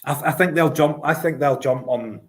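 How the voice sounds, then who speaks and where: A man's voice: on the high side, brisk. Scottish man, podcast co-host, stammering restarts, casual chat. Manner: hesitant, repeats words at the start of phrases.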